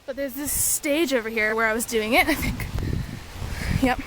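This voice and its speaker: A young woman with a fairly high voice talks through her vacation in a relaxed vlog. She rambles along, filling gaps with "um" and "like". Faint noise sits under her voice. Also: moderate pace. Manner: chatty, rambling, with frequent "like" and "um". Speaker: vlogger.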